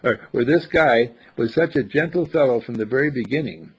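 An older man giving life advice in a casual inspirational talk, animated and chuckling, often acting out little dialogues in a husky voice. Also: mid-range voice, brisk. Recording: dull lo-fi recording.

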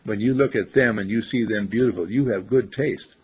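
An older man giving life advice in a casual inspirational talk, animated and chuckling, often acting out little dialogues in a husky voice. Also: lowish voice, fairly quick. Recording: dull lo-fi recording.

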